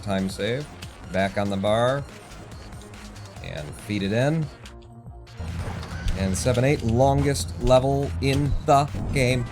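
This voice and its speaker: A man streaming a speedrun, commenting on his play while swearing and talking to himself. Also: fairly low pitch. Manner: swears often, mutters running self-talk. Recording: game music under voice.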